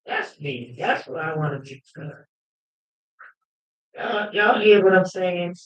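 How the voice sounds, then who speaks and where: A woman hosting a livestream, telling personal stories with emphatic fervor that at times rises to shouting. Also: lowish voice, measured pace. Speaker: livestream host. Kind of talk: fervent personal storytelling. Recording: roomy, dull lo-fi livestream audio.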